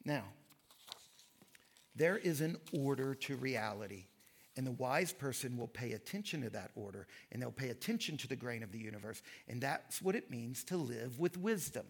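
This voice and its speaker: A man giving a sermon lecture, telling stories and reading quotes with lively emphasis. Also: mid-range voice, normal speed, slightly rough. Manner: animated storytelling, reads quotes with emphasis. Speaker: pastor.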